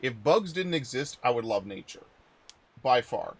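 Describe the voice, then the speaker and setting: A young man streaming a video game, chatting casually with viewers and rambling through stories with sudden loud outbursts. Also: medium pitch, lively intonation, normal speed. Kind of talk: casual live-stream chat while playing.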